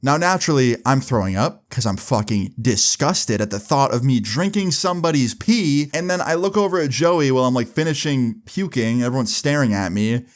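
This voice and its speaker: A young man in a storytime vlog, with a mid-pitched voice. He talks casually and swears freely, and his pitch swings widely as he rattles through the story. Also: moderate pace, hardly any pauses. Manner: animated, casual and profane, with lots of filler "like". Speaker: vlogger.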